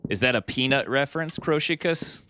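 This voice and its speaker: During a live game stream from his home setup, a man talks briskly and casually with viewers, thanking them and thinking aloud while playing. His mid-range voice is lively, pushed, and bright, with a little hiss or hum.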